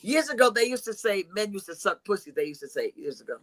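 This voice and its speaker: A woman hosting a casual, raunchy comedy chat, loud and playfully crude, often laughing. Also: medium pitch, very animated, quick pace, low-quality recording. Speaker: host.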